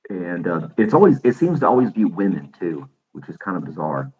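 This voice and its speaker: A man's voice: low-pitched, very animated, fairly quick, a little mellow, low-quality recording. A man hosting his podcast in casual live-stream chat, rambling and chuckling often into a desk microphone. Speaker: podcast host.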